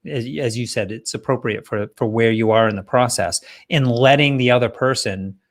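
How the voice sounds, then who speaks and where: Guy hosting an interview, middle pitch voice, measured and appreciative, thinks out loud. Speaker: host and interviewer. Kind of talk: interview conversation.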